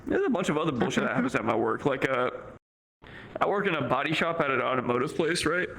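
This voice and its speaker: Bright-voiced young man telling a profane story. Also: mid-range voice, fast talker, gravelly, slight background noise, low-quality recording. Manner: profane, animated, acts out the people he quotes. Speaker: streamer. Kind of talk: casual storytelling on a livestream.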